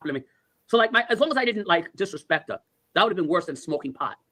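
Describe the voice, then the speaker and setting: A man's voice: sits high, expressive, fast talker, sharp tone. A man in his sixties telling rambling, profane stories in casual chat, full of "like" and "I go". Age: 60s. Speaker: storyteller. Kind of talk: casual storytelling.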